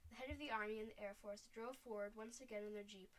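A woman's voice: mid-range voice, quick pace. Woman reading a children's story aloud. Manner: steady storytelling. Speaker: reader. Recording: voice a bit distant from the mic.

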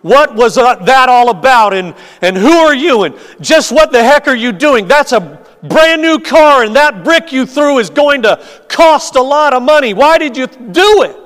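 A man voicing an angry young executive who shouts indignant questions at a kid. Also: extremely high pitch, lively intonation, unhurried, few pauses, voice pushed up, heavily acted. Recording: long hall reverb.

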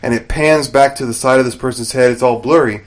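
Animated man recapping a TV episode. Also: medium pitch, fairly quick. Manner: animated retelling, acts out characters' lines. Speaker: podcast co-host. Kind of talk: casual TV recap chat.

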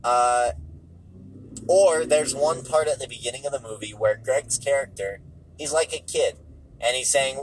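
A tired, hungry man hosts a casual solo podcast from his car, sounding offhand and dismissive and repeating himself. His voice is medium-pitched and unhurried, in a low-quality recording with slight background noise.

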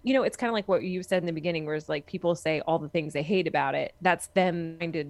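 A woman's voice: deep voice, fast, darkish tone. A woman co-hosting a podcast in casual chat, earnest and emphatic, repeating phrases for stress. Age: adult with a young son. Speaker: podcast co-host.

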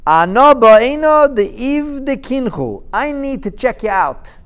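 A man voicing a skeptical, stern ancient king who interrogates in a wry manner with drawn-out hmms. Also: very high-pitched, very animated, fairly bright tone, smooth, voice pushed up, exaggerated voice.

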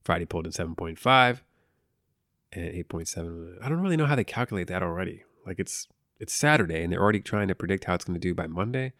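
A man with a low, gravelly voice talks through a movie review in a loose, rambling way. He swears freely and drifts into jokey asides. The sound is dry and close, with no room around it. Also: animated, quick pace, a bit bright, dry recording. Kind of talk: casual spoken movie review.

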